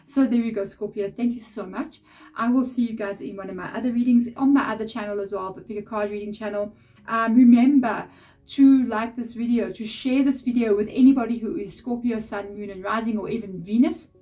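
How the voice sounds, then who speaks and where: A woman's voice: fairly high pitch, steady tone, fairly quick. A woman giving a casual, chatty tarot reading straight to her viewers, blunt and direct with frequent laughs. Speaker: tarot reader. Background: soft background music.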